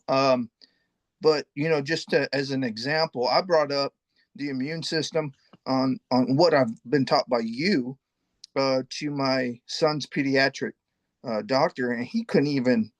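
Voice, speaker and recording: Halting man on a video call. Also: mid-range voice, dry recording. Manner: halting, with fillers and pauses. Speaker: participant in an online session. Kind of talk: casual remarks on a video call.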